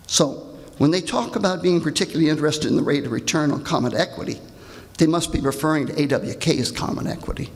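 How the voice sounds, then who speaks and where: An older man with a gravelly voice, reading a pointed, indignant prepared comment at a public hearing. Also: a little high. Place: large hall. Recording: reverberant hall.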